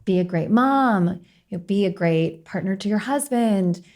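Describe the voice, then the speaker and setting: A woman hosts a podcast with a mellow, dark-toned voice at a middling pitch. She affirms her guest warmly in casual conversation and asks questions. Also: lively intonation, a little slow. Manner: warm, affirming interviewer. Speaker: podcast host.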